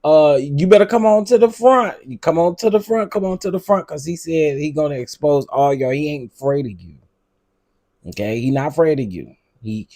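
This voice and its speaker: A man putting on an impression of a loud, sassy woman, teasing someone with drawn-out call-outs. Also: on the high side, dry recording, studio quality, close to an everyday voice. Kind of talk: comic impression in commentary.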